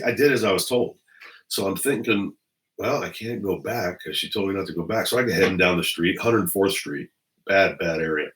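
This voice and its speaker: Low-voiced, blunt, profane middle-aged man. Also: a bit bright, rough recording. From Los Angeles area. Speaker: former police officer. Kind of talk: casual storytelling to camera. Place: at home indoors.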